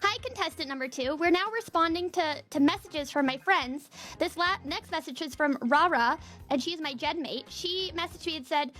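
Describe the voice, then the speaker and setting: A woman hosting a stream in casual chat, giggly and excitable, laughing often. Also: high-pitched, normal speed, soft background music. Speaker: streamer host.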